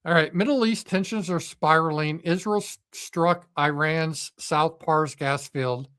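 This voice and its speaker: A man's voice: a little high, unhurried, fairly bright tone, clean tone. A middle-aged man hosting a live political commentary stream, speaking off the cuff in a profane, sarcastic and mocking way with frequent fillers.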